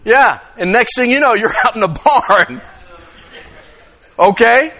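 Speaking slowly in a very high-pitched voice, a sixty-something pastor gives a lively, conversational sermon. He checks in with the congregation and performs the lines he quotes.

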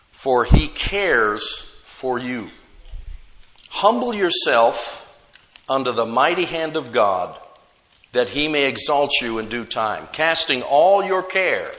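A man's voice: medium pitch, a bit bright, long reverb tail, lo-fi sound. A man preaching a sermon as pastor, conversational, with frequent rhetorical questions to the congregation.

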